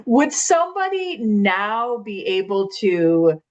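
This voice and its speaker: A woman's voice: mid-range voice, big pitch swings, slow, a little mellow, muffled recording. A woman hosting a casual interview who asks short questions and reacts briefly. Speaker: podcast host.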